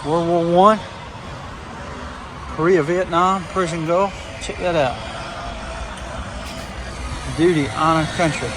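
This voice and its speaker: A man's voice: fairly high pitch, steady tone, slow pace, long pauses, background noise. A man, vlogging in a small town square in a folksy, enthusiastic way. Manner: enthusiastic, folksy, repeats himself. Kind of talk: casual vlog.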